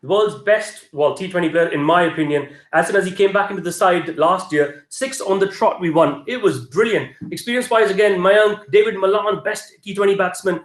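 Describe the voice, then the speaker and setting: Male fan guest, high, upbeat, roomy sound. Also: a little fast, hardly any pauses. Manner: confident, upbeat. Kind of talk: casual fan chat.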